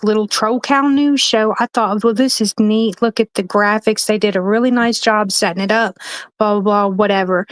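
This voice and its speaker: A woman's voice: fairly high pitch, no room sound. A woman speaking as a guest on a livestream, emphatic and rambling, with frequent swearing. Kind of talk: heated livestream chat.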